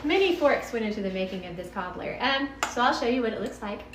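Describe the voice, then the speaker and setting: A woman's voice: a little high, expressive, fast, reverberant, very noisy. A woman with a Texan accent chatting casually in her home kitchen during a live cooking stream, bubbly and meandering as she talks to viewers. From Texas.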